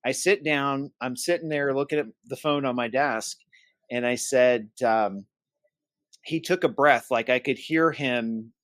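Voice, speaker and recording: A man's voice: medium pitch, a little slow, a bit bright, dry recording. A man co-hosting a podcast, casually retelling a tense phone call and quoting both sides in his own voice. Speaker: podcast co-host. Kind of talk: casual storytelling.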